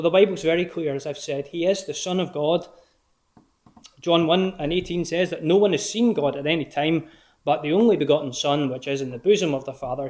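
A man's voice: fairly high pitch, darkish tone. Earnest man preaching a sermon. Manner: earnest, measured, slows on scripture quotes.

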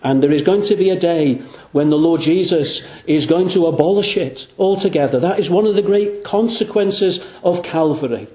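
A man preaches an evangelistic sermon in a church where the room rings with echo. His voice is fairly high and warm in tone. He is earnest, and on key phrases he lets his voice sink low and slow.

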